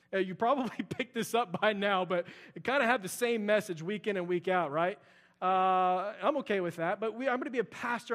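A man's voice: high voice, fairly bright tone, big-room sound. A young adult man preaching a sermon as pastor, earnest and repetitive in his emphasis.

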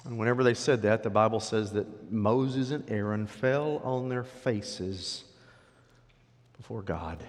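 A man's voice: lowish voice, measured pace. A male pastor preaching a sermon and storytelling with animation, speaking directly to the congregation. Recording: long hall reverb.

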